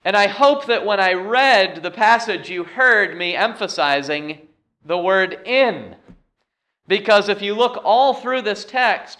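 A man's voice: high-pitched, expressive, takes it slowly, bright, forceful tone. A man preaching a sermon as pastor, moving from a homey story into emphatic repeated scripture lines.

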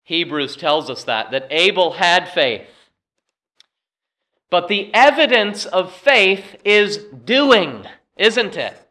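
A man preaching a sermon as pastor, earnest and emphatic, swinging between loud stresses and hushed asides. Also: sits high, sing-song, slow pace.

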